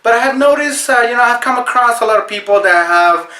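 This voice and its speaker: A man hosting a deadpan mock tutorial, earnest and full of fillers. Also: very high-pitched, brisk, echoey room. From Mexico. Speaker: comedy video host.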